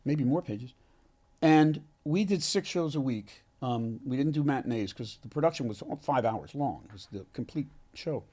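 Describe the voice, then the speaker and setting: A man, an actor being interviewed, telling a heartfelt story in an earnest, halting way with many restarts. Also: mid-range voice, expressive, mellow. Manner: halting, frequent restarts and self-corrections. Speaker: actor, podcast guest.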